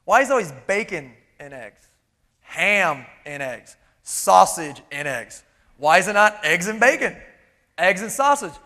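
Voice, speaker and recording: A man's voice: sits high, sing-song, bright, forceful tone, voice pushed down, heavily acted. A man voicing a whiny, upset male chicken in a told fable, firing off complaining questions. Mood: aggrieved. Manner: complaining rapid-fire questions. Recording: long reverb of a large hall.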